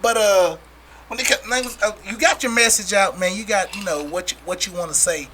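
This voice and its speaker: High, very bright-voiced podcast host. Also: male voice, normal speed. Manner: animated, hypes up the guest. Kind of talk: casual podcast chat.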